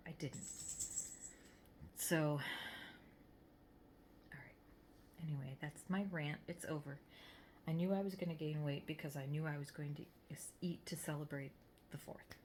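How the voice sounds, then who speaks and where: Low-voiced chatty middle-aged woman. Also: steady tone, unhurried, long pauses, darkish tone, slight background noise. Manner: chatty, rambling, many ums. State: out of breath. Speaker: vlogger. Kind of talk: casual vlog chat. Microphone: phone.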